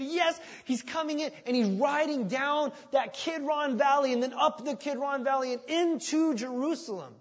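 A man preaching a sermon with animated energy, swinging between loud excitement and hushed asides. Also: very high voice, normal speed, hardly any pauses. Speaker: pastor. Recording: long reverb of a large hall.

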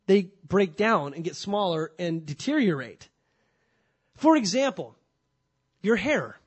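Male pastor, higher voice, emphatic sermon delivery, lots of rhetorical questions and repetition. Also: big pitch swings, slow pace, husky. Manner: repeats key points for stress.

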